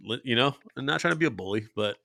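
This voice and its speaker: A man's voice: mid-range voice, fast, creaky, dry recording, studio quality. A man hosting a podcast in casual chat, telling stories with lots of laughter. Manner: animated storyteller, laughing often. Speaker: podcast host.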